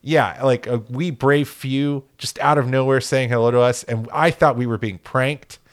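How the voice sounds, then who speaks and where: A man's voice: mid-range voice, fairly even intonation, moderate pace. A man co-hosting a casual sports podcast, rambling and joking with lots of fillers and restarts. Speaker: podcast co-host.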